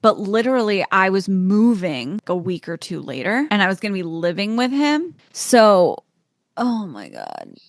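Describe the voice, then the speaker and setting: A woman's voice: medium pitch, normal speed, hardly any pauses, no echo, clean studio sound. A young woman co-hosting a podcast, candidly telling a personal story in casual chat, swearing freely and acting out what people said. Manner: candid and expressive, swearing, acts out quoted texts. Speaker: podcast co-host.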